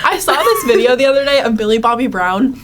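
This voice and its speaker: A woman's voice: a little high, quick pace, heavy background noise. Gushing, enthusiastic woman podcast co-host. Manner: gushing and enthusiastic, laughs often. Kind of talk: casual podcast chat.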